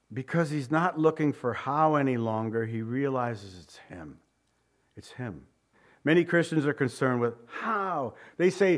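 A man preaching a sermon, addressing the listeners directly, repeating key words and swinging from loud cries to hushed low emphasis.

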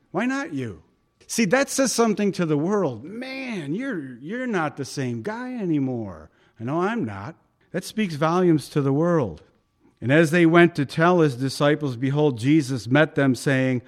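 A man preaching a sermon as pastor, lively and conversational, acting out quotes and laughing along. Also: a little high, a little slow.

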